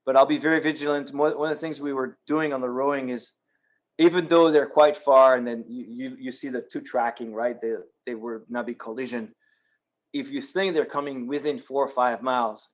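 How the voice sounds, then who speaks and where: In a yacht club meeting room, a French guest speaker with a French accent takes questions from the audience following his talk. He walks through answers practically and step by step, often saying um and restarting sentences. His medium-pitched voice is fairly even and quick, and the audio sounds dull.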